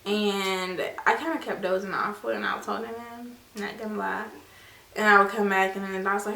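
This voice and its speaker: Her voice is pushed and bright, medium-pitched with a steady tone, vocal fry, and normal pace. She's a young vlogger soothing a baby at home as she chats through a personal story, calling viewers "you guys" and "y'all" and acting out voices. The room echoes and the mic is far away.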